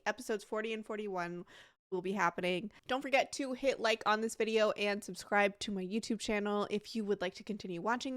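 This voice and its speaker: A woman's voice: medium pitch, no room sound, studio quality. A woman reacting to an anime in a casual vlog, chatty and emotional, with many fillers and restarts.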